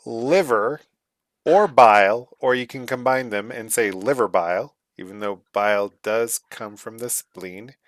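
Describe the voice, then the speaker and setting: A man's voice: mid-range voice, unhurried, no room sound. A man announcing suggestions at an improv show with dry, wry remarks. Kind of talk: improv comedy game.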